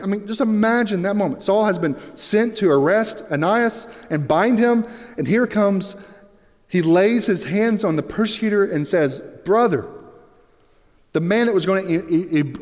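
A man preaching a sermon as pastor, telling the scene with lively, acted-out storytelling. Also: high voice, normal speed. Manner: animated storytelling, acts out Bible scenes. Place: church sanctuary. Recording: long reverb of a hall.

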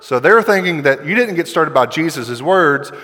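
A man's voice: fairly high pitch, expressive, moderate pace, sharp tone. A male pastor preaching a sermon in a conversational way, acting out quoted voices as he goes. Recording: long hall reverb.

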